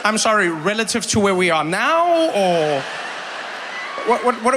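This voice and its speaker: A man's voice: high voice, unhurried. A man from South Africa doing stand-up, telling a story and chatting with the crowd, acting out other people's voices. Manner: animated, acts out voices of others. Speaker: comedian and host. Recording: live venue with long reverb and faint noise.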